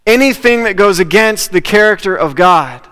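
A male pastor with a high, smooth, resonant voice delivers a conversational sermon, driving points home by repeating key phrases. His voice rings out with a long reverb, as in a large hall. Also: lively intonation, moderate pace, fairly bright tone.

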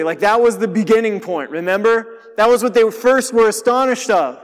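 Male preacher, higher voice, conversational sermon, hushed to emphatic, long hall reverb. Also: moderate pace.

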